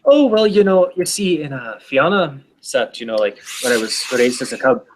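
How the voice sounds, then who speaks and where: A man's voice: mid-range voice, very animated, normal speed, a little hiss or hum, close to an everyday voice, low-quality recording. A man voicing a cheery young woman werewolf with a put-on Irish accent in a tabletop role-play, bubbly and a little breathless. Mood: cheerful. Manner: bubbly, breathless after running.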